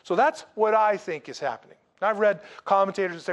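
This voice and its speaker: A high-voiced male pastor preaching with lively, conversational energy. He drops slangy asides and keeps pressing the congregation with rhetorical questions. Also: fairly quick, lo-fi sound. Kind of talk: sermon.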